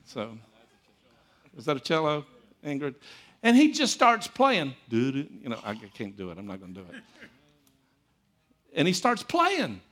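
A man preaching a sermon as pastor, telling stories and repeating phrases for emphasis, swinging between loud emphatic lines and quiet asides. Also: a little high.

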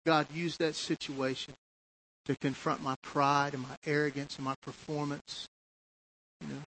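A man preaching a sermon in an easy, talk-to-you way, firing off rhetorical questions. His voice sits a little higher than most men's. He acts out the voices he quotes. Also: fairly bright tone, rough recording. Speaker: pastor.

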